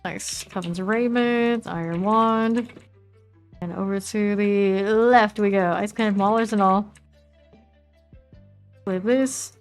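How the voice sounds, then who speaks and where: A woman with a Southern US accent, casually commenting while she plays a game, chatty and relaxed as she reads out item names. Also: mid-range voice, slow, faint music behind. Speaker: streamer.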